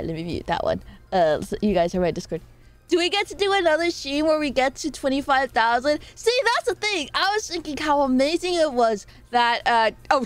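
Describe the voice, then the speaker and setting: A young woman streaming live, chatting playfully and rambling as she reads her chat aloud. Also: high-pitched.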